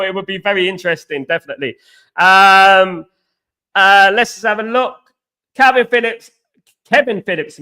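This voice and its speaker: A young man hosting a casual football live stream, greeting viewers by name and repeating himself, his voice going hoarse. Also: high voice, pushed and bright. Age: young adult.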